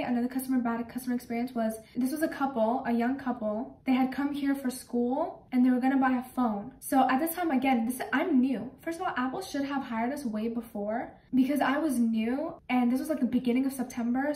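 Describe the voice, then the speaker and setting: A young woman chats quickly and with animation, venting about her old job. Her voice sits a little high and sounds as if it comes from a few feet away. The room around her rings with echo. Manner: animated, exasperated retelling of work stories. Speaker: vlogger. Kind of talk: casual storytelling. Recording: echoey room, mic at a distance.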